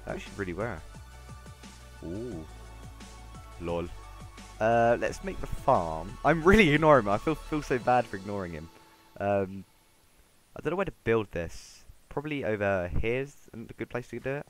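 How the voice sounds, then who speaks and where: A man's voice: fairly low pitch, lively intonation, a little slow. A man giving casual, rambling gameplay commentary, talking to himself as he plays. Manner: rambling, talks to himself while playing. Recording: game music playing underneath.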